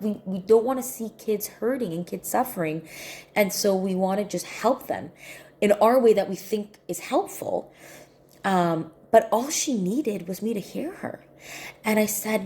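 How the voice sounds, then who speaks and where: A woman telling a personal story to camera in an earnest, soft-spoken way, often repeating her points. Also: mid-range voice, gravelly, a little hiss or hum. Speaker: healing coach.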